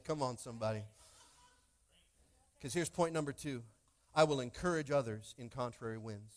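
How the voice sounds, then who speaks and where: A young man preaching a lively sermon as pastor, calling out to his congregation in church. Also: medium pitch, normal speed, long pauses. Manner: animated, calls out to congregation.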